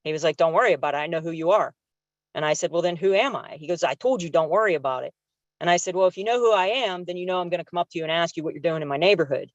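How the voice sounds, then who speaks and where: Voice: mid-range voice, rapid-fire, dry recording. Retired officer in their 40s, dull video-call audio. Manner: conversational, acts out quoted dialogue, many fillers. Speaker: public commenter, retired police officer. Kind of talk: recounting an incident at a public meeting.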